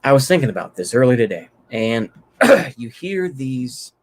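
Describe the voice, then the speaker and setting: Man, young adult, from Texas, solo commentary, heated, profane, rambling, lots of restarts, middle pitch. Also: sing-song, measured pace. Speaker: political commentator.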